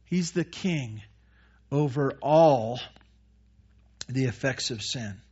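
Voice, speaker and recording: A man preaching a conversational sermon as pastor, with many restarts and quick acted-out asides. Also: medium pitch, warm tone, slightly rough. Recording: dull lo-fi church recording.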